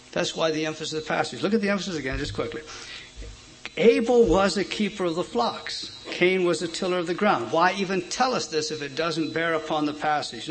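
A man preaching a sermon, emphatic, asking his listeners questions and swinging between loud stresses and quiet asides. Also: a little high, gravelly, poor audio. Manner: emphatic, asks the audience questions.

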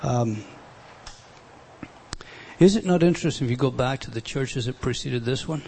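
A man preaching a sermon, emphatic, with loud bursts, quiet asides and many rhetorical questions. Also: mid-range voice, normal speed, vocal fry, a little hiss or hum.

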